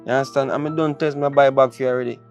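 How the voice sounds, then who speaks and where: A man's voice: mid-range voice, fairly even intonation, racing, faint music behind, close to an everyday voice. A man with a Jamaican accent playing a sweet-talking boyfriend in a comedy skit, coaxing and repeating himself in patois.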